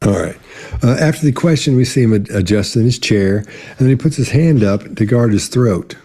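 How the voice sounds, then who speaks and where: A man's voice: medium pitch, lively intonation, normal speed, warm tone, slightly rough. A man giving analytical commentary on a video clip as a body language analyst, hesitant and tentative in his delivery. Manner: hesitant, many fillers and restarts, tentative.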